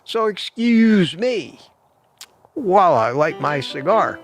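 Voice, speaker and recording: A man's voice: sits high, very animated, slow. A man hosting a casual morning livestream outdoors in the cold, greeting viewers by name and often repeating himself. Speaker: livestream host.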